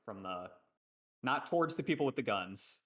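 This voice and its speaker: A man's voice: mid-range voice, animated, moderate pace, fairly bright tone. A man playing a tabletop game, casual and hesitant, with lots of fillers. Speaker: player.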